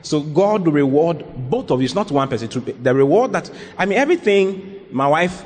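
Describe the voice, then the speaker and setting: Earnest pastor counseling in a hall. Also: male voice, on the high side, big pitch swings, a little fast, a little mellow. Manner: earnest, emphatic, repeats his points. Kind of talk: sermon counseling Q&A. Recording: long reverb in a large hall.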